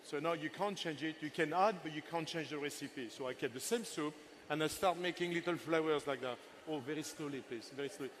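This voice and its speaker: Chatty older male chef, higher voice. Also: fairly quick, hardly any pauses, fairly bright tone, slight background noise. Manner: chatty and playful, teasing helpers and the audience. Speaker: chef giving a cooking masterclass. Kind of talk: live cooking demonstration. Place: festival stage in front of a live audience.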